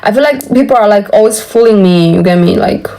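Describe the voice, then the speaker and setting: A woman whose first language is Tibetan, venting to a friend on a phone call in an animated, exasperated way with lots of fillers. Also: medium pitch, fast talker, a little hiss or hum. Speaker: vlogger.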